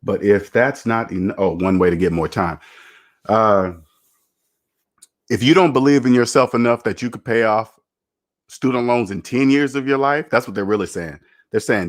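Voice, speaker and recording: A man's voice: fairly low pitch, moderate pace. A man hosting a casual finance livestream, lecturing emphatically and repeating his points. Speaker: personal finance YouTuber.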